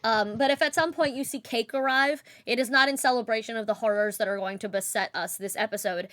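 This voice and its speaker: A woman's voice: on the high side, a little fast, fairly bright tone, no echo, studio quality. A woman player chatting casually and bubbly before a tabletop game session. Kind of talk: casual chat.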